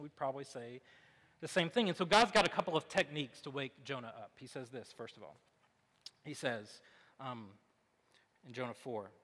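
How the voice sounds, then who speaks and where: A man in his thirties preaching a sermon as a pastor, telling the story with lively asides and acting out the characters' lines. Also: on the high side. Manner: animated storytelling, acts out quotes. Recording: long hall reverb.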